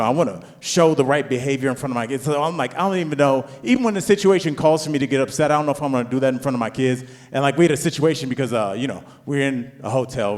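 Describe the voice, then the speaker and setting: A man in his forties doing a stand-up set, telling a rambling family story with restarts and climbing into loud, high rants. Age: 40s. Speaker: stand-up comedian. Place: comedy club stage. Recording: long hall reverb.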